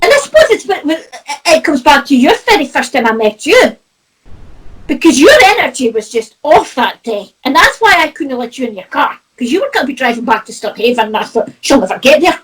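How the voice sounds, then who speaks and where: This middle-aged psychic medium from north-east Scotland has a Doric accent and a high, husky, fairly bright voice. She is very animated and talks fairly quickly, laughing often and swearing as she chats through her stories. The recording is rough.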